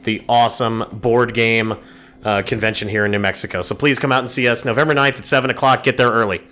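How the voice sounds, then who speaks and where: A man's voice: fairly even intonation, fast, bright, forceful tone. A man in casual chat plugging his upcoming show, upbeat and full of "uh" fillers. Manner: upbeat promo pitch, filler-heavy. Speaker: comedian and performer.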